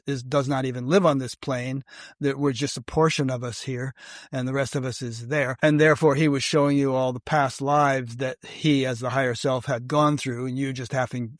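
A man's voice: mid-range voice, no echo, studio quality. A man hosting an interview, asking curious questions and offering his own theories. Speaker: host.

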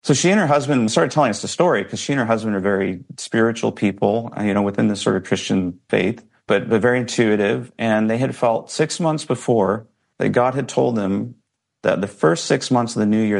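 A man with a fairly low, gravelly voice speaks as an interview guest. He recounts a personal story in an earnest, reflective way, with feeling coming through. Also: brisk, darkish tone.

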